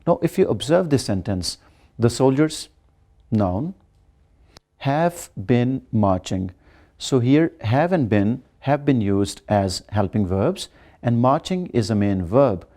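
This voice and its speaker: A man giving a grammar lecture, slowly explaining and repeating examples. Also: medium pitch, warm tone. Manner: explains slowly, repeats examples, demonstrates rising and falling tones. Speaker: English lecturer.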